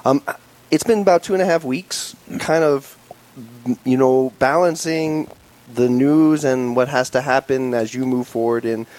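A man's voice: mid-range voice, measured pace, darkish tone, poor audio. Male interviewer asking follow-up questions. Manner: affirming, with frequent "mm-hmm" back-channels.

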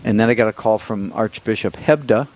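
Halting, low-voiced man recounting a story. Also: rough recording. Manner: halting, many restarts and fillers, with soft laughs. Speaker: priest appointed bishop, interview guest. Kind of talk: conversational interview storytelling.

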